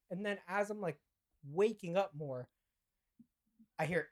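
Telling a story on his podcast, the young co-host speaks in a high, sing-song voice at normal speed, pausing often. He voices the quotes, laughs, and swears throughout the casual telling.

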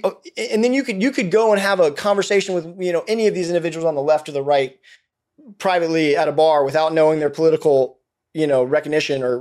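A man's voice: a little high, darkish tone. A man as a podcast guest, ranting in a heated, profane way with many restarts. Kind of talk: casual podcast conversation.

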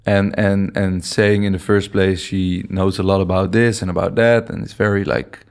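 Man, low pitch, halting casual chat, podcast guest. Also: flat delivery, creaky. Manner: halting, searches for words, many restarts.

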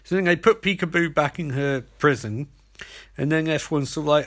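A man's voice: fairly high pitch, a little fast, a bit bright. A man giving a sarcastic, rambling comedic recap of a TV episode. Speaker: show recapper.

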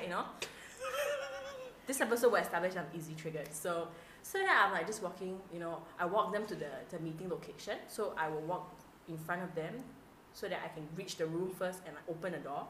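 A woman, co-hosting a casual podcast and telling stories in an animated way, acting out the dialogue and swearing freely. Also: on the low side, a little fast, a little hiss or hum. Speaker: podcast co-host. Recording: roomy echo.

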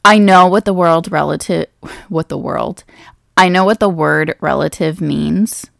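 A young woman talks her way through a quiz in a relaxed, chatty vlog, doubting her answers and laughing at herself. Her voice sits on the low side with a bit of vocal fry, and the recording is close and dry. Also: measured pace, no echo. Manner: chatty, self-deprecating, thinks aloud. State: pregnant. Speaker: vlogger. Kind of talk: casual chat.

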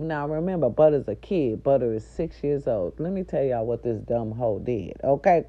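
A middle-aged woman, a nurse aide, telling viewers a story in a loud, profane, indignant rant. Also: rumbling low, expressive, moderate pace, hardly any pauses. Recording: dull lo-fi recording.

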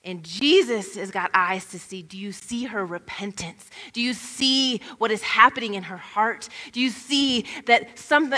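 Expressive woman teaching scripture in a hall. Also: a little high. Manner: expressive, acts out scenes in quoted voices. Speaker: Bible teacher. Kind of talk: animated Bible teaching.

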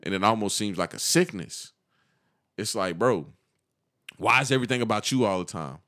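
A young man chatting on a casual podcast in a slightly low voice. He tells his stories in loose slang and acts out the lines of the people in them. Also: normal speed. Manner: animated, slangy storytelling with acted-out quotes. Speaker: podcast co-host.

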